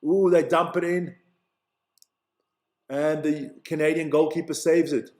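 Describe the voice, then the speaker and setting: A man from Switzerland giving chatty, excitable live play-by-play commentary for a stream, stumbling over player names and reading out the chat. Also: on the high side, measured pace, roomy sound.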